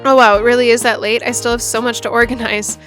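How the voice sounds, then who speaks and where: A woman voicing a kind, apologetic young woman in a game, talking quickly. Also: on the high side, flat delivery, a bit bright, faint music behind, lightly acted. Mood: hurried. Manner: hurried, apologetic.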